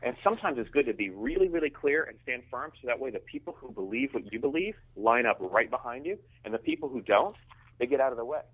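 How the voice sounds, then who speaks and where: A man's voice: medium pitch, expressive, fast, husky. A man speaking as an interview guest. He talks emphatically and often repeats words as he starts a sentence. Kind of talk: conversational business interview. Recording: tinny phone line.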